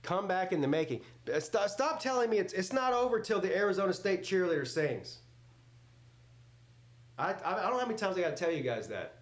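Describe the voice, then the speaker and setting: A man's voice: high voice, sing-song, fairly quick, reverberant. A man hosting a live football reaction stream. He jokes, swears freely and answers his chat. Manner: loud, joking, swears freely, talks back to chat. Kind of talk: casual live reaction commentary.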